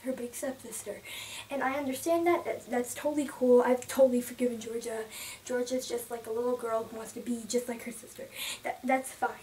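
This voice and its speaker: Young woman, casual book vlog, rambling and emotional, slightly high voice, distant mic. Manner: rambling and emotional, many restarts, drops to soft whispers at times. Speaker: book vlogger. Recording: distant from the mic, faint room noise.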